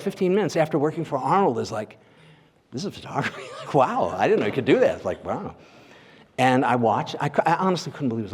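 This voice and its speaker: A portrait photographer giving an informal lecture to a live audience, conversational and chatty, often checking in with listeners with "right?". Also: male voice, mid-range voice, darkish tone, slightly rough. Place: large lecture hall at a symposium. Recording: long reverb of a big hall.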